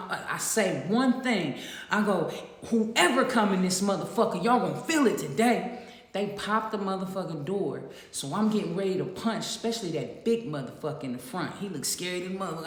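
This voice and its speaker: A woman telling a profane jail story casually to her audience, laughing often. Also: on the low side. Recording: echoey roomy sound with long reverb.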